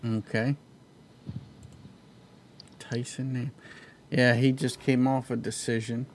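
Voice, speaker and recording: A man's voice: mid-range voice, little pitch movement, slow, slight background noise. A man hosting a casual fight-pick chat, laid-back and joking as he runs through the card. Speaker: podcast host.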